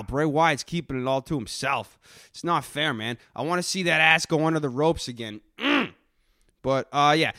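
Young man, podcast host, crude profane rambling, stoned drawl, mid-pitched voice, dry close mic. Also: a bit bright, no echo. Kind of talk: solo podcast rant.

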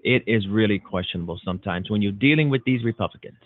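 A man's voice: lowish voice, quick pace, noisy background. A man hosting a political talk radio show, delivering emphatic, repetitive, punchy declarations. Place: Chicago-based internet radio show. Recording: tinny phone-like line, dry.

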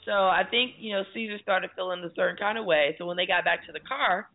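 A woman co-hosting a talk show, telling stories in a chatty, animated way. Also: on the low side, fast. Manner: chatty storytelling, animated retellings. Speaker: radio talk show co-host. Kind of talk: casual chat. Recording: tinny phone-like line.

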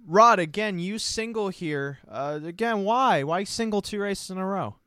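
A man's voice: sits high, measured pace, fairly bright tone, dry recording. A man hosting a horse racing podcast, breaking down picks with joking, self-mocking asides. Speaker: podcast host. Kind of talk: horse racing handicapping talk.

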